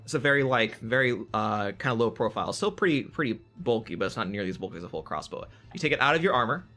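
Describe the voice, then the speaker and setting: A man runs a homebrew fantasy game with a bright, lively voice. He repeats himself as he narrates and laughs easily. Soft background music plays under the talk. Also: medium pitch, quick pace. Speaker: game master.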